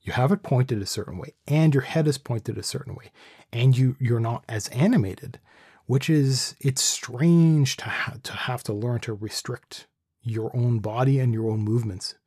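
Sitting in a small home room, a man talks casually to camera about his microphone setup, rambling, thinking aloud and restarting sentences. He uses a studio condenser microphone with a pop screen, and his medium-pitched, darkish, slightly rough voice moves at a moderate pace with no echo.

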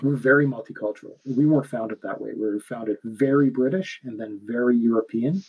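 A man's voice: mid-range voice, a little fast, breathy edge, highs cut off. A man with a Canadian accent chatting casually, rambling and correcting himself as he goes. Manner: rambling, self-correcting, laughs often. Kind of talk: casual chat.

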